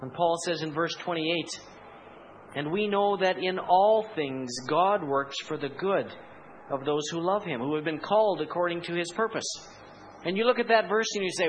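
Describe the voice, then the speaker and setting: Preaching man with a high voice. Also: normal speed, pauses often, fairly bright tone, a little hiss or hum, low-quality recording. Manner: preaching with rhetorical questions and dramatic voiced asides. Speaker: pastor. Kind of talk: sermon.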